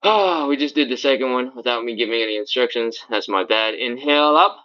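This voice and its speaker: Speaking fairly quickly in a mid-range, slightly bright voice, a man teaches a live-streamed stretching class, cueing exercises as he does them on the floor. His explanations are casual, punctuated by frequent "all right?" check-ins from this fitness instructor, and the audio is dull.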